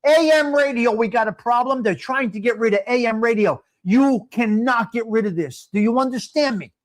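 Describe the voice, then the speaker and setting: At a moderate pace, a live-stream host nearing sixty talks with his chat viewers in a casual way. He's loud, profane and ranting, his voice high for a man, and he names individual viewers as he goes.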